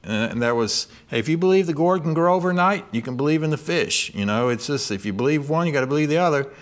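This middle-aged pastor talks fast in a voice on the high side. His sermon is expressive, with scripture read aloud, God's words voiced, and questions directed at the congregation.

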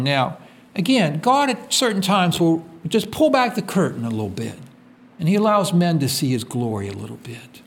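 Lively-pitched preacher man. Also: moderate pace. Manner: call-and-response questions, reads scripture aloud; swings from loud emphatic peaks to quiet low drops. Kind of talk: sermon.

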